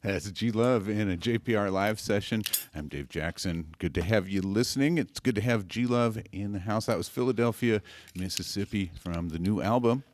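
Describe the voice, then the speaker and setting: A man's voice: on the low side, normal speed, dry recording. A man hosting a radio live session, introducing and interviewing a guest with friendly, plain announcer delivery. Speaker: radio host. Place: radio station studio.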